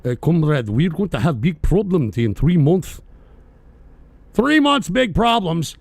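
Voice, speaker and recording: A man voicing a gruff male Russian official in a mock Russian accent, warning of trouble ahead. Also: a little high, very animated, measured pace, no room sound, voice pushed down, exaggerated voice. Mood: grim.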